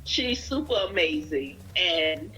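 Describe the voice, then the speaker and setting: A woman's voice: deep voice, expressive, slow, bright, forceful tone, soft background music, low-quality recording. A woman speaking earnestly in a casual family conversation.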